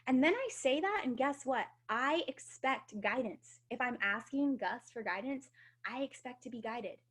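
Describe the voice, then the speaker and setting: A woman's voice: high voice, animated, normal speed, breathy edge. Upbeat woman giving a motivational talk. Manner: upbeat, conversational, casual swearing. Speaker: guest speaker. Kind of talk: motivational talk on a team call. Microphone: video call.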